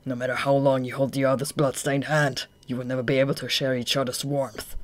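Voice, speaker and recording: A narrator voicing a cold, menacing young male assassin in a fan audiobook, speaking slowly and scornfully in a hushed tone. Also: mid-range voice, little pitch movement, dry recording, close to an everyday voice.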